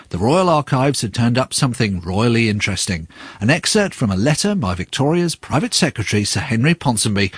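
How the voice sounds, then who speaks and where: A man's voice: medium pitch, breathy edge, no room sound. A man presenting a radio documentary in a wry, inquisitive way.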